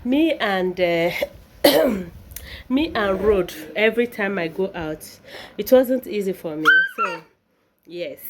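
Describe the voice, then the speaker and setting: Young Nigerian woman, home vlog, playful, laughing a lot, slow unhurried speech, faint background noise. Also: medium pitch, expressive. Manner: playful, laughing often, coaxing her baby. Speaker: vlogger. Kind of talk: casual home vlog talking to camera and her baby. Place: home, indoors.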